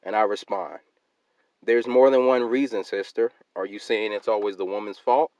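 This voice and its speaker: A man hosting his own channel, ranting and reading out a comment exchange, getting loud and emphatic on his own replies. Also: lowish voice, fairly even intonation, normal speed, no room sound. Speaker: channel host.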